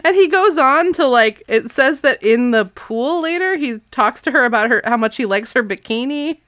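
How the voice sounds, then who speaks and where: A woman's voice: high voice, expressive, moderate pace, a bit bright, no echo, clean studio sound. A woman co-hosting a podcast, chatting casually about a book, laughing often and reading passages aloud. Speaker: podcast co-host. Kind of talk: casual chat recapping a book.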